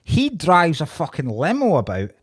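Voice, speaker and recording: Lively, incredulous male co-host. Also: a little high, normal speed, husky, no room sound, studio quality. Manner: incredulous, sweary ranting. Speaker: podcast co-host. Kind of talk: casual comedy chat.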